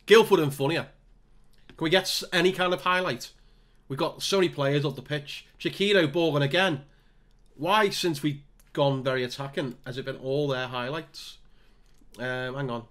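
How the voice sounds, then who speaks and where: Guy narrating his own football sim, bit higher voice, mutters then gets loud. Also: moderate pace. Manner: excitable, talks to himself, groans and mutters between bursts. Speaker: gaming YouTuber. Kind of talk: live commentary on his own game.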